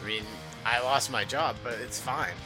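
A man's voice: medium pitch, normal speed, music in the background. A man co-hosting a podcast in casual chat, laughing and swearing often, with many restarts. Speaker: podcast co-host.

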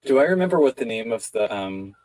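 A man's voice: medium pitch, big pitch swings, fast talker, darkish tone, no echo, low-quality recording. A man playing in a tabletop game, casual and easygoing. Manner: easygoing, laughs often. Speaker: player.

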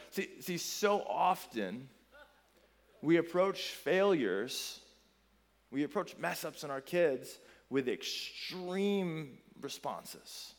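A man in his thirties preaching a sermon in a church, conversational and animated as he tells stories and addresses parents. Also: on the high side, slow. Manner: conversational storytelling, animated and emphatic. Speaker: pastor.

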